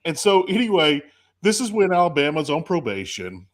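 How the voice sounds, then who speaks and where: A man hosting a casual chat, telling a lively story and acting out quotes. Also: a little high, normal speed. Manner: animated storyteller, acts out quotes. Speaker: podcast host.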